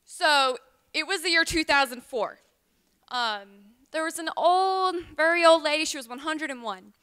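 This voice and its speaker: A woman's voice: high voice, expressive, normal speed, bright, forceful tone. A woman from Tennessee, telling a rambling tall tale at a liar's contest, full of ums. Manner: chatty, rambling, with many ums.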